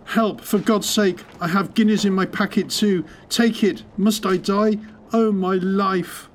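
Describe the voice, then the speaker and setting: A woman's voice: mid-range voice, moderate pace, slight background noise, close to an everyday voice. A woman voicing a frightened aristocratic admiral held prisoner, pleading desperately.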